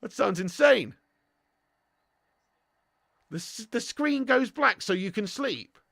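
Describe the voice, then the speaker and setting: A young British man hosting a live football watch-along, sweary and excitable, chatting with viewers and laughing often. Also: high-pitched, slow pace, vocal fry, dry recording, clean studio sound.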